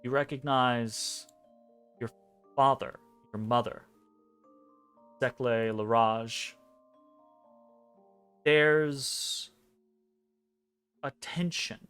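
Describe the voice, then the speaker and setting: A man narrating a dream scene as game master of a tabletop game, measured and hesitant, pausing between phrases. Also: medium pitch, fairly even intonation, clear, resonant tone. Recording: soft music behind.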